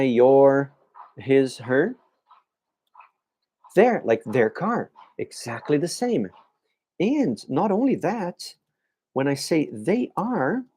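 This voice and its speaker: A man teaching an English class live, answering viewers' questions by name and sounding words out slowly. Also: on the high side, warm tone, breathy edge. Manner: models pronunciation of words slowly. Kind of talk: live-streamed language lesson.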